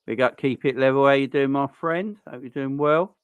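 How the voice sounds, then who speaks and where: A man talking casually through a live football watchalong, rambling and answering his viewers between the action. His voice sits at an ordinary middle pitch. It is picked up dry and close, with no room sound around it. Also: moderate pace, clean tone, no echo, dull audio. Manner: chatty and rambling, greets viewers and answers chat. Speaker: live-stream host.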